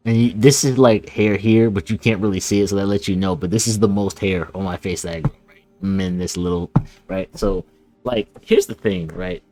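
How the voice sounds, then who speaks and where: Low-voiced young man rambling over gameplay. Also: steady tone, moderate pace, warm tone, soft background music. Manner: rambling, chatty. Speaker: gaming YouTuber. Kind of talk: casual gameplay commentary.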